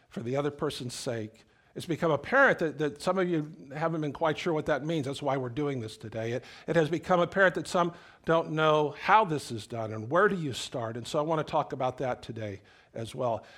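A man's voice: fairly high pitch, fairly bright tone. A middle-aged male pastor preaching a sermon in a conversational, storytelling way, often repeating words as he goes.

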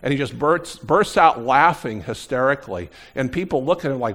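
A middle-aged man preaching a sermon as pastor, animated, swinging between loud emphasis and quieter asides. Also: medium pitch, a little fast, hardly any pauses.

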